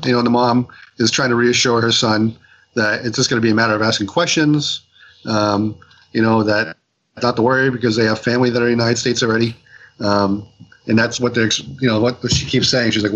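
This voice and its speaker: A man on a casual podcast, retelling a comic's story with lots of ums, restarts and quick acted-out quotes. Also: medium pitch, steady tone, a bit bright, highs cut off. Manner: rambling retelling with many fillers and restarts. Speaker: podcast co-host reviewing comics.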